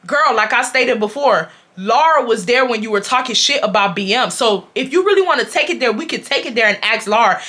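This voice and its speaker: A young woman in her twenties from Houston, speaking, telling a storytime to viewers in a blunt, profane, animated way. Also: a little high, fairly quick, few pauses. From Houston, Texas. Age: 20s. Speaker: vlogger.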